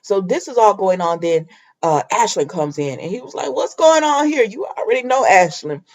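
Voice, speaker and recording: A woman's voice: fairly low pitch, expressive, normal speed. A woman chatting casually as a soap opera recap vlogger, talking straight to her viewers and the characters. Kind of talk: casual chat.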